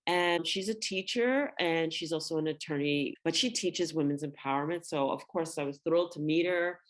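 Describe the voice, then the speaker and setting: A woman's voice: low-pitched, moderate pace. A woman co-hosting a podcast, telling stories animatedly and acting out quoted lines. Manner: animated storyteller, acts out quotes. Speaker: podcast co-host. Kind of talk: casual storytelling conversation.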